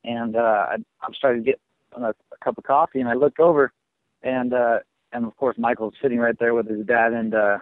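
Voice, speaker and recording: A fighter answering press questions on a conference call, halting with lots of fillers, heard over a phone line. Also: male voice, medium pitch, fairly even intonation, no room sound. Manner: halting, many fillers and restarts, dismissive. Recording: tinny dry phone line.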